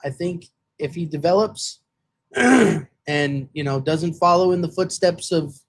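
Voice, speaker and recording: A man's voice: a little high, slow pace. A man co-hosting a football podcast, talking in casual chat with lots of fillers and restarts. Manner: rambling, many fillers and restarts. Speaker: podcast co-host.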